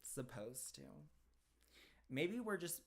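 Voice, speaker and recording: This man's voice runs on the high side, sing-song and slow, with a fairly bright tone. He's from southern Ohio, USA, speaks with a Midwestern American accent, and rambles through a casual live stream, laughing often while answering viewers.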